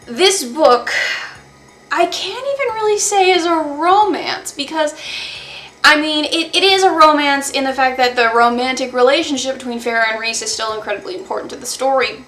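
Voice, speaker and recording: A woman with a slightly high voice talks through a book review in a chatty, sarcastic way, full of quick asides. Her voice carries a noticeable echo from the room around her. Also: lively intonation, a bit bright. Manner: chatty and sarcastic, recounts plot with quick asides and mock-dramatic quotes. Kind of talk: casual book review monologue.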